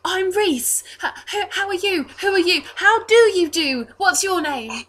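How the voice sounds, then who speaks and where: A very high, bright boyish voice gushes and stammers with wide-eyed delight. A woman plays a sweet, blustering twelve-year-old altar boy, a little faint on the mic. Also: expressive, a little slow, exaggerated voice. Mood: excited. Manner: breathless, gushing, stammering. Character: eager young blond altar boy, about twelve.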